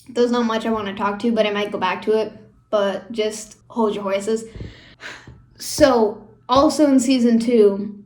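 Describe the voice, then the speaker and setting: A young woman with a slightly high voice talks casually to her viewers. She rambles in an emotional way and fills her speech with "like" and "you know." The recording picks up a roomy echo. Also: darkish tone. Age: young adult. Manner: rambling and emotional, with frequent fillers and laughs. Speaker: YouTuber. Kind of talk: casual fan commentary. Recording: echoey room.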